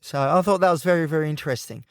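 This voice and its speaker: A man's voice: fairly high pitch, racing, smooth, no room sound, studio quality. A man hosting a podcast, speaking in a rambling, emotional, personal monologue, often breaking off and restarting his sentences. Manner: rambling, emotional, self-interrupting. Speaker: podcast host.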